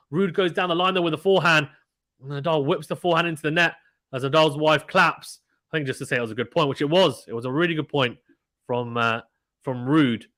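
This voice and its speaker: A young British man calls a tennis match live in a casual, chatty way, laughing easily and reading out viewer messages between points. His voice is bright and forceful, sitting a little higher than most men's. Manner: chatty, laughs often, reads viewer comments aloud. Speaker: live watchalong commentator. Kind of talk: casual play-by-play commentary reading chat.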